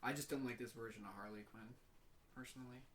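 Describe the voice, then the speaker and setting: A man's voice: medium pitch, fairly even intonation, fast. A young man co-hosting a podcast, talking casually and often trailing off mid-sentence. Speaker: podcast co-host. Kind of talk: casual chat. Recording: faint background noise.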